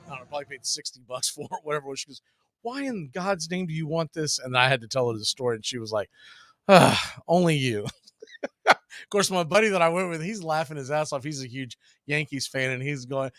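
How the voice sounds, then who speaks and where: A man's voice: fast, fairly bright tone, no room sound, clean studio sound. Chatty middle-aged man calling baseball. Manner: chatty, laughs while telling stories between pitches. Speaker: baseball play-by-play streamer. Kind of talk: casual play-by-play with storytelling.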